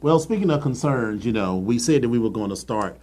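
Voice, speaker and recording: A man's voice: medium pitch, lively intonation, a little fast, dark tone. A man co-hosting a casual chat show, chiming in with laid-back agreement. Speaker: podcast co-host. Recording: noisy live stream audio.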